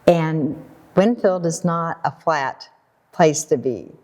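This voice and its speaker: An American woman telling a personal story in a casual talk, animated and laughing often while she acts out what people said. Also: low-pitched, slow pace. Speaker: guest storyteller.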